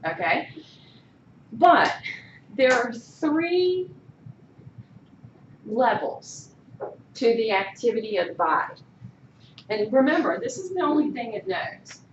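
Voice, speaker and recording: A woman's voice: fairly high pitch, a little hiss or hum. A woman instructor giving a classroom lecture, asking her students questions and often checking in with "okay?". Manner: animated, keeps checking in with "okay?". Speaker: college instructor. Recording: echoey room, voice from far off, muffled.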